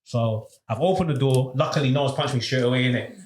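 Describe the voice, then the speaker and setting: A man, casually telling a story on a podcast. He is animated and uses a lot of slang, and he acts out the people in his story. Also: mid-range voice, fast talker, echoey room, slight background noise. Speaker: podcast host.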